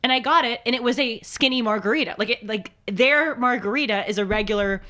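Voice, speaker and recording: A woman co-hosting a podcast in casual, animated chat. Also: a little high, fairly quick. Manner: animated, chatty, lots of restarts and laughs. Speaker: podcast co-host.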